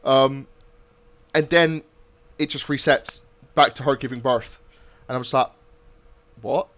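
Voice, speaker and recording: Swearing, animated man. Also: medium pitch, a little slow. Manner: animated, swears freely, acts out quotes. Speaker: podcast host. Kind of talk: casual chat. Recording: muffled lo-fi podcast audio.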